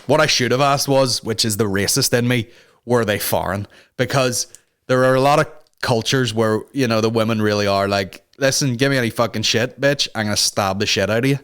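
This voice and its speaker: Hosting a comedy podcast, a young man with a fairly low, somewhat bright voice rants crudely and sarcastically. He swears often and ridicules people by imitating them in exaggerated voices.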